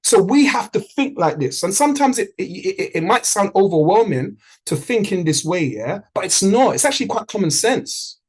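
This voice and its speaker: A man coaching his trading community on a video call, talking in a punchy, motivational way. His voice is husky and slightly rough. His pitch leaps around animatedly as he drives each point home. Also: normal speed, few pauses, low-quality recording. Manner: animated, punchy, repeats for emphasis.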